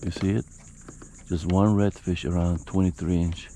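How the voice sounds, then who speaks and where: A man's voice: deep voice, flat delivery, normal speed, warm tone, a little hiss or hum. A middle-aged man vlogging from a kayak on a lagoon, talking straight to his viewers in a chatty, frustrated way. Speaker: fishing vlogger. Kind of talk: casual vlog commentary. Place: outdoors on a kayak on a shallow lagoon.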